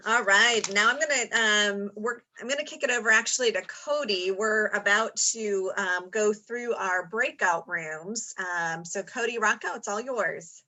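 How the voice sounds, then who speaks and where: A woman's voice: medium pitch, unhurried, few pauses, pushed and bright, poor audio. A woman hosting a video meeting, upbeat and effusive with her thanks. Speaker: meeting host. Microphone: video call.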